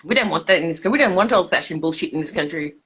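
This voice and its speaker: A woman's voice: lowish voice, animated, racing, a bit bright, husky, lo-fi sound. A tipsy woman with an Australian accent rambling casually on a livestream, loose and repetitive, laughing mid-sentence. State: drunk, slurring.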